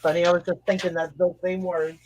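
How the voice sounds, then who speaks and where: A woman's voice: on the low side, little pitch movement, fairly quick, a little mellow, rough recording. A woman on a craft chat panel who jokes and laughs easily in casual talk.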